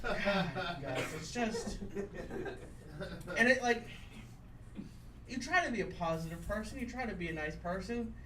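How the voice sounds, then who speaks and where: A man's voice: sits high, sing-song, measured pace, pauses often, sharp tone. A young adult man performing a self-deprecating stand-up set at a live show, rambling with many fillers. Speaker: stand-up comedian. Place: comedy venue with live audience. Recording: roomy live room, far from the mic, noisy. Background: audience laughter.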